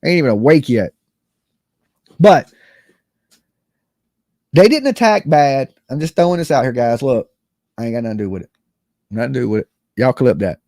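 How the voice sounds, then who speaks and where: A man's voice: medium pitch, lively intonation, normal speed, long pauses, dark tone, no room sound, clean studio sound. A man, just woken up, ranting casually as a livestream host, rambling and repeating "okay" and "you know what I'm saying".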